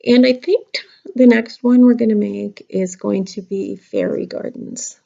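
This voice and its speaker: A woman's voice: mid-range voice, steady tone, a little slow, vocal fry, mellow. A middle-aged woman, a kindergarten teacher, talking young children through a craft lesson in a playful, chatty way. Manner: chatty, playful, talks straight to kids. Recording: dull lo-fi home video sound.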